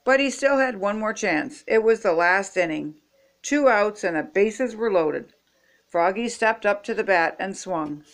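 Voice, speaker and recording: Grandma reading a kids picture book out loud, slow and expressive, does the sound effects. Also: female voice, mid-range voice. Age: older. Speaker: storybook reader.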